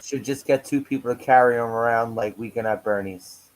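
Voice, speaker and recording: A man's voice: mid-range voice, steady tone, brisk, poor audio. A man hosting a podcast in casual banter, repeating phrases and steering the talk. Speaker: podcast host.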